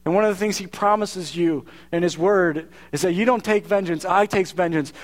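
High-voiced man preaching a sermon. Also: normal speed. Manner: earnest, conversational preaching with frequent restarts. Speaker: pastor.

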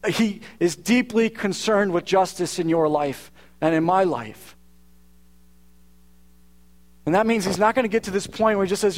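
Man, pastor, sermon, high voice, earnest and conversational, frequent restarts. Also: moderate pace, hardly any pauses.

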